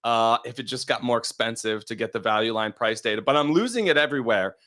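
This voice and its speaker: A man's voice: medium pitch, fast talker. A man co-hosting a show about the markets, making emphatic points in casual chat. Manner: emphatic, lively. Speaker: co-host.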